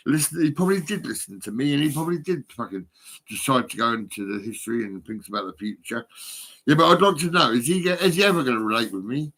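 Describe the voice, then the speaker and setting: A man's voice: medium pitch, expressive, fast talker, fairly bright tone. Sweary, giggly man in his fifties. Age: 50s. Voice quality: sweary, giggly, rambling, often laughing. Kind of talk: rambling phone vlog monologue. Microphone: phone.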